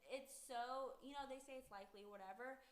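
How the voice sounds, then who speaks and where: A woman's voice: sits high, fairly quick. A young adult woman chatting casually on a podcast, laughing often between her words. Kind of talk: casual chat. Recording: echoey room with faint noise.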